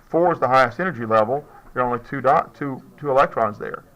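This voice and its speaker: A man teaching chemistry to a classroom of students. His pitch sits in the middle range, and he speaks in a loose, chatty way. He jokes now and then and keeps checking whether the class is following. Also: fast, a bit bright, poor audio. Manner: casual, joking, checks in with students often. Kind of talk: classroom lecture.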